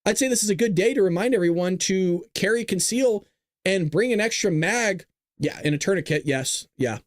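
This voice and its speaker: Recorded in a small closet with no room sound, a man hosts a political livestream, ranting heatedly and swearing a lot. His voice is high and animated, his pace moderate, and his manner fired-up and profane throughout the live-streamed rant.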